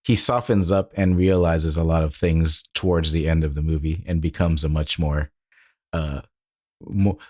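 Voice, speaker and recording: A man's voice: rumbling low, fairly even intonation, moderate pace, darkish tone. A man co-hosting a podcast in easygoing casual chat about a movie, often agreeing briefly and laughing. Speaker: podcast co-host.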